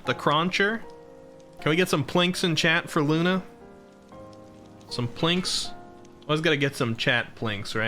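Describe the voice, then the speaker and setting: Male streamer, chatty and laughing, talks to viewers; bright, punchy tone, soft music underneath. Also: mid-range voice. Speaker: VTuber streamer. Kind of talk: casual live-stream chat.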